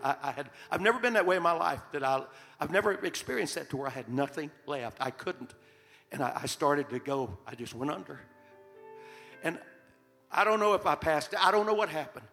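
A man's voice: a little high, expressive, moderate pace, a bit bright. An older man preaching a sermon, telling a personal story in a heartfelt, earnest way. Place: church sanctuary. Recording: long hall reverb, faint music.

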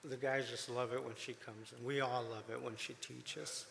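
A man giving a chatty, emotional testimony to a congregation, with many fillers and gentle jokes. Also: medium pitch, level tone, normal speed, gravelly, long reverb tail, slight background noise. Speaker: church volunteer speaking to a congregation.

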